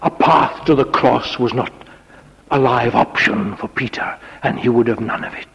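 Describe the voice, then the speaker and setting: A man's voice: mid-range voice, fairly even intonation, moderate pace, creaky, breathy edge. A man preaching a sermon dramatically, dropping to a whisper on key words. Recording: lo-fi recording in a reverberant hall.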